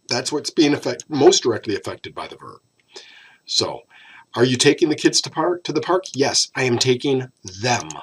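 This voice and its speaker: A man teaching a recorded Spanish grammar lesson, explaining patiently and drawing out key words slowly. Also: medium pitch, fairly bright tone, slightly rough.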